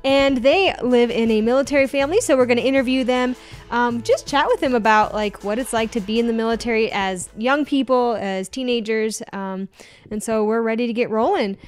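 Woman host, casual interviewer, upbeat and teasing, slightly high-pitched. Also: brisk, faint music behind. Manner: upbeat, playful, chatty questioner. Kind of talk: casual family interview chat.

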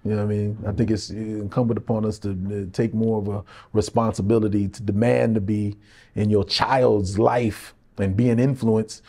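A man's voice: fairly low pitch, normal speed. A middle-aged man, an actor in a candid interview, telling stories and acting out other people's lines, laughing often. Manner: animated, acts out quoted voices, laughs often. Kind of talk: candid conversational storytelling.

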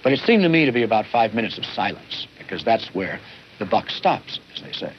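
Deliberate man in muffled archive interview. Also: fairly low pitch, sing-song, a little hiss or hum. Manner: deliberate, hesitant with pauses. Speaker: former official interviewee. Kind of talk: documentary interview recollection. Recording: muffled archive documentary audio.

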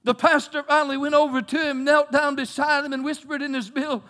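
High-voiced man preaching with passion. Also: little pitch movement, brisk, sharp tone. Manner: impassioned preaching with frequent word repeats. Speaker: pastor. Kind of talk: sermon. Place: church.

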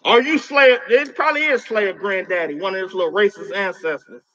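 A man with a fairly high voice rants live on a stream, cursing and taunting something unseen. He is confrontational and profane and stammers through repeats when he gets heated. The audio is muffled and lo-fi, like a phone mic. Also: a little fast, pushed and bright. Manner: repeats words when worked up. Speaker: livestreamer addressing a spirit.

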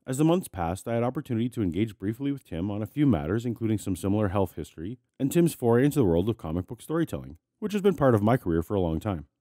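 A man's voice: on the low side, very animated, fast talker, few pauses, mellow, no echo. A man hosting a commentary show, who narrates a scripted video in a dry, snarky way while sick and congested. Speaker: host.

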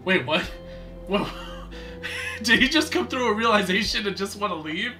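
A man streaming a game, chatting casually with viewers, excitable and laughing often. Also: sits high, moderate pace, soft background music. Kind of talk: casual gameplay commentary.

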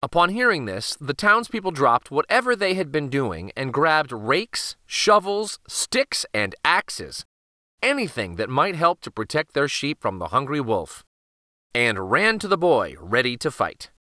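Male children's storyteller, very lively melody, slow careful pace, bright tone, dry close sound. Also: mid-range voice, no echo. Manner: animated, expressive storytelling. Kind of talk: read-aloud for kids.

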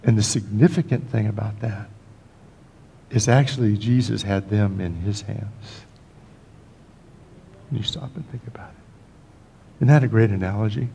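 A man's voice: fairly low pitch, moderate pace, gravelly, long pauses, warm tone, a little hiss or hum. An older man preaching as a pastor, telling stories in a folksy way with joking asides and frequent restarts. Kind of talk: storytelling sermon. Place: church sanctuary.

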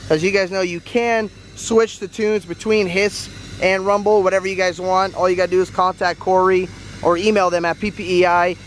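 A man's voice: sits high, little pitch movement, normal speed, slight background noise. A man chatting casually to viewers in a vlog, teasing and laughing often. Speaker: vlogger.

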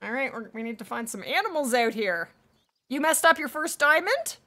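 High, lively woman streamer. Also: moderate pace. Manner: chatty, thanks viewers warmly by name. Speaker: live streamer. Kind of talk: casual live-stream chat.

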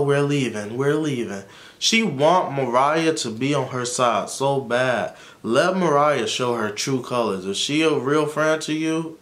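A man's voice: medium pitch, a bit bright. A man giving a casual, rambling recap of a TV episode as a YouTube reviewer, frank about what he likes and dislikes. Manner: chatty, rambling, dismissive asides like "blah, blah, blah".

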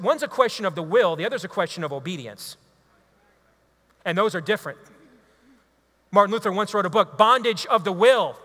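High, bright-voiced man preaching in a hall. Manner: preachy, emphatic, builds to loud exhortations. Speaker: radio talk show host giving a talk. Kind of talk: impassioned speech to a live audience. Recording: long hall reverb.

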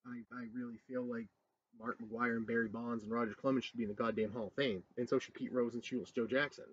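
A man's voice: mid-range voice, little pitch movement, quick pace, husky. A man co-hosting a podcast, chatting casually and bluntly on an outdoor deck, swearing freely. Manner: blunt, profane. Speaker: podcast co-host. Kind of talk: casual chat. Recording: dull lo-fi with faint ambience.

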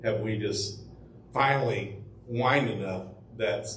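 A man's voice: lowish voice, slow, a bit bright, a little hiss or hum. A man preaching as pastor, telling the story conversationally with rhetorical questions and fillers. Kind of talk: sermon. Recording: echoey room from far off with faint ambience.

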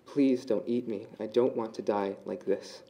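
A man voicing a small, frightened, devoted fly in a fable he reads aloud, in a soft, pleading, subdued manner. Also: on the low side, steady tone, measured pace.

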